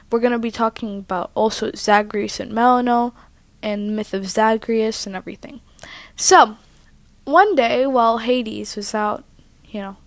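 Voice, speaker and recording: A woman's voice: fairly high pitch, vocal fry, no room sound. Chatty rambling woman vlogger. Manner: rambling, chatty, self-interrupting. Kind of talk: casual storytelling vlog. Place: living room at home. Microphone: own microphone.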